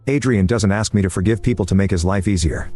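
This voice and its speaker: Fast-reading low-voiced male storyteller. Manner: even, measured reading with dry similes. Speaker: story narrator. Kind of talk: scripted first-person story narration. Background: faint background music.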